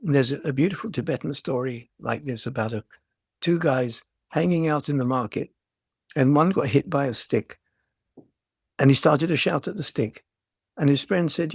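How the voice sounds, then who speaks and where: A man's voice: medium pitch, moderate pace, creaky, husky, no room sound, clean studio sound. An older man giving a dharma talk as a meditation teacher, reflective and storytelling, often restarting his phrases.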